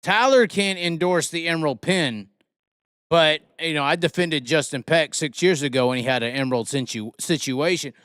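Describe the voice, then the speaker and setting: A man's voice: a little high, moderate pace, a bit bright, clean tone, no room sound, studio quality. A man hosting a casual live talk show, rambling and joking with a profane streak. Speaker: host.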